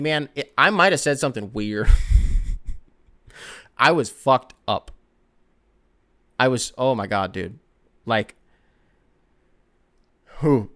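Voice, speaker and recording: A young man hosting a sports podcast, rambling and excitable, swearing freely in casual chat. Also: medium pitch. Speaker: podcast host.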